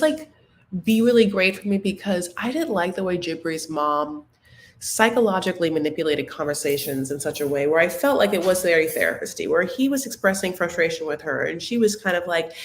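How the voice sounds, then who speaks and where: A woman's voice: low voice, roomy sound, a little hiss or hum. A young adult woman hosting a casual live recap chat, gossipy and rambling, heavy on filler words. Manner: chatty, gossipy, lots of "like" fillers. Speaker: show recap host.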